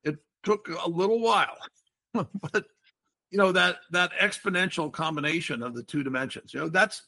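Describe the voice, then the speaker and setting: A man's voice: fairly high pitch, normal speed, gravelly, bright, forceful tone. An older man hosting a casual podcast chat, explaining word games in a playful, wordy way. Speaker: podcast host.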